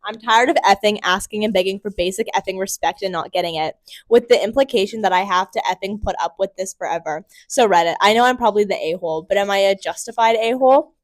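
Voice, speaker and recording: A woman's voice: medium pitch, fast talker, no echo. A young woman co-hosting a podcast, chatting casually and reading a story aloud, often breaking into giggles. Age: young adult. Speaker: podcast co-host.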